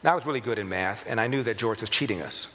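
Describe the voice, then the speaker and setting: A man in his sixties, a radio talk show host, telling personal stories with animated, chuckling delivery. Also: lowish voice, very fast. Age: 60s. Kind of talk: anecdotal storytelling to an audience. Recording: reverberant hall with clear background noise.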